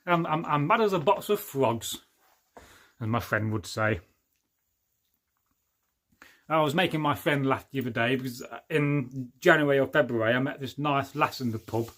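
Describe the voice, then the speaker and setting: A man's voice: fairly high pitch, a bit bright. A middle-aged man from England, casually chatting on a livestream, reading out viewer comments with jokes, rambling asides and frequent laughs. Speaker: livestream host.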